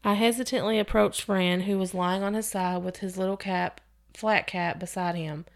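A woman's voice: medium pitch, steady tone, normal speed, vocal fry. A woman hosting a podcast, reading a scary story aloud with expression and sometimes restarting a phrase. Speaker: podcast host reading stories.

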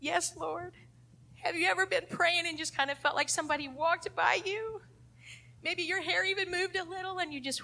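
A middle-aged woman, teaching an adult Sunday school lesson in a fervent preaching style. She swings between emphatic declarations and hushed passages. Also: very high voice, steady tone, moderate pace, vocal fry.

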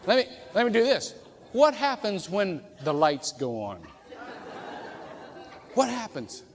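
A man preaching a sermon as pastor, animated and humorous, acting out quoted voices as he goes. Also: high-pitched, takes it slowly, some chatter behind, slight background noise. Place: church sanctuary. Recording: reverberant church hall.

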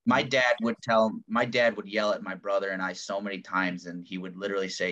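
A man with a low, deep voice, talking casually and laid back in a co-hosted chat. His sound is a little dull and muffled, as if the high end has been rolled off. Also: steady tone, brisk, few pauses, fairly bright tone. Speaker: podcast co-host.

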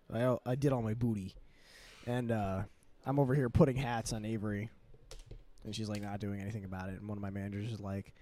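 A man's voice: on the low side, mellow. A young man co-hosting a podcast, telling a rambling story in casual chat with lots of fillers. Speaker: podcast co-host.

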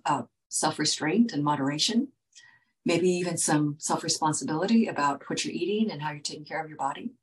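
Earnest lecturing woman, lowish voice. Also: poor audio. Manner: earnest, lecturing, asks "okay?" to check in. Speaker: wellness speaker. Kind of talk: direct-to-viewer talk.

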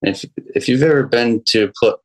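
A young man, a guest musician, telling a personal story in a casual interview, halting with many restarts and fillers. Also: mid-range voice, poor audio.

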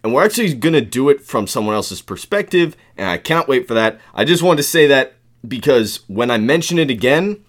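A man hosting a casual true-crime podcast, telling the case in a loose, animated way and swearing freely. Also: medium pitch, fairly quick. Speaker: podcast host.

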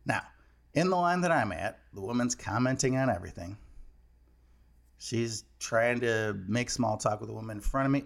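A man's voice: medium pitch, moderate pace, gravelly. A man hosting a casual comedic monologue, telling a story and acting out the people in it as he quotes them. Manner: storytelling, animated quoting of others. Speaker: host.

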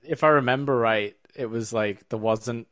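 A man's voice: mid-range voice, moderate pace, fairly bright tone. A man in casual podcast chat who laughs often and throws in jokey asides.

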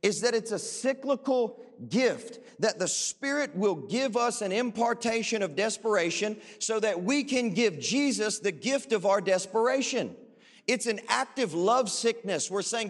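A man preaches with a high, bright-sounding voice that climbs into impassioned pleading. His words ring out with a long reverb tail, as in a large church hall. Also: measured pace. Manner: animated, rising into impassioned pleading. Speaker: pastor. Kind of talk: sermon.

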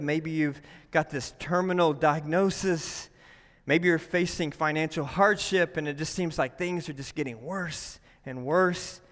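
Bright-voiced preacher man in a reverberant hall. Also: fairly high pitch. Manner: emphatic, says "right?" often. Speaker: pastor. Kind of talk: sermon. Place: church sanctuary.

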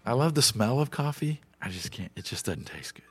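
A man's voice: medium pitch, big pitch swings, a little fast, a bit bright, soft background music. A middle-aged man from Nebraska, a guest in a casual interview, telling rambling, easygoing stories about food.

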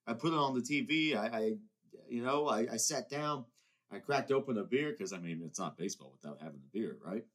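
A man's voice: medium pitch, expressive, brisk, a bit bright. A young man hosting his own podcast, talking alone in a rambling, heated way with many restarts. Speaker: podcast host. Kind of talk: casual solo monologue.

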